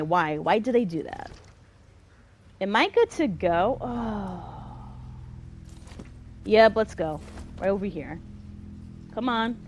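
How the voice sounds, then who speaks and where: Animated, slow-talking woman gamer. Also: medium pitch, slight background noise. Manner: expressive, easily exasperated, talks to herself. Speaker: gameplay commentator. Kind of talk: casual let's-play commentary.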